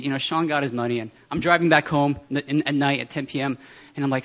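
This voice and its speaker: A man speaking at a prayer meeting, telling personal testimony stories in an animated way and often laughing. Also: fairly high pitch, quick pace, few pauses. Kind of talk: testimony sermon.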